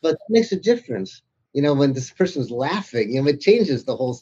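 Author guest: man, warm husky voice, chatty anecdotes with laughs, dull lo-fi audio. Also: a little high, sing-song, brisk. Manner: chatty storyteller, laughs through his anecdotes. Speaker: author being interviewed. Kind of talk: anecdotal interview conversation.

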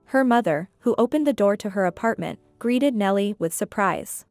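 A woman narrating a scripted drama story in a steady, even storytelling manner. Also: mid-range voice, normal speed, no room sound, faint music behind.

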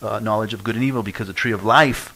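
A man's voice: fairly low pitch, fast, sharp tone, slightly rough, low-quality recording. A middle-aged pastor preaching a sermon in a church, telling his own story and acting out the voices of people he quotes. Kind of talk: sermon with personal testimony.

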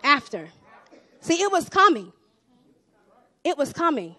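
Animated woman preaching a sermon, high-voiced. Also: a little slow, no echo. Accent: Southern US. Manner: animated, swings from hushed asides to loud exhortation.

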